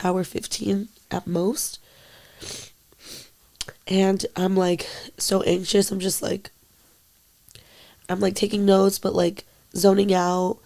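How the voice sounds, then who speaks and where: A young woman with a gravelly, fry-tinged voice, talking in casual podcast chat. She speaks haltingly, filling her sentences with "like" and the odd swear word. Her delivery is quiet and emotional, sometimes falling almost to a whisper. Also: mid-range voice, flat delivery. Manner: halting, full of "like" and frequent swearing. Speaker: podcast co-host.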